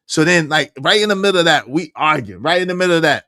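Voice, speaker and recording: A man casually telling a long personal story with lots of restarts and laughter. His pitch swings widely, soaring when he quotes his own outbursts. The sound is dry and close to the mic. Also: quick pace, few pauses, no echo. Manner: animated, jumps high when quoting himself, laughs through.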